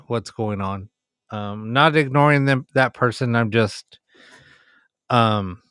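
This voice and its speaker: A man's voice: medium pitch, a bit bright, clean tone, dry recording, clean studio sound. A man hosting a late-night ghost box livestream, talking casually with many ums and sounding tired.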